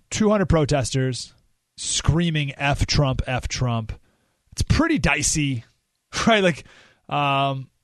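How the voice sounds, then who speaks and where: A man hosting a talk radio show, telling a story in an animated, emphatic way with rising indignation. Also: a little high, no room sound, clean studio sound. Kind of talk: opinionated radio monologue.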